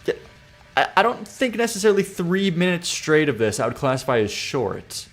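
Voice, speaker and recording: A man's voice: fairly high pitch, big pitch swings, moderate pace. A man hosting a live stream, casually reacting to viewers' songs with wry sarcasm, laughing asides and mumbled muttering. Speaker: streamer reviewing viewer song submissions.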